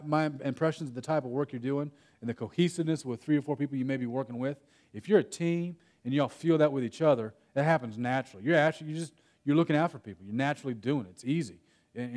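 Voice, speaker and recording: A man's voice: mid-range voice, a little mellow. A young man from Texas giving a conference breakout talk, chatty and storytelling, breaking off his own sentences now and then. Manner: conversational, storytelling with self-interruptions and laughs. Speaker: workshop speaker. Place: conference room.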